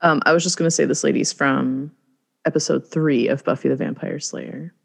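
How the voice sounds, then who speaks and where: A woman's voice: low-pitched, fairly even intonation, moderate pace, vocal fry, husky. A woman co-hosting a casual podcast chat, recapping a movie and laughing often as she talks. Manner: giggly, laughs often while talking. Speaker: podcast co-host.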